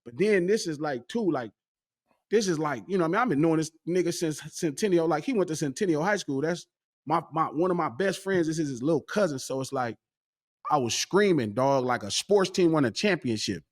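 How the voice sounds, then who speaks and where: A man's voice: on the high side, fairly quick. A man, telling a story as a guest in a casual chat and acting out the dialogue. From West Coast US. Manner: animated, excitable storytelling, acting out quoted dialogue. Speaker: podcast guest.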